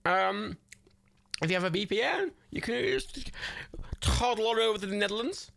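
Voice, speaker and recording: A male livestream host talks into his microphone with huge swings in pitch, jumping from low mutters to high yelps. He chats loosely, cursing often and laughing all the time, like a friend on the couch. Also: very animated, normal speed, vocal fry, a bit bright. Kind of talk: casual chat while co-watching a movie.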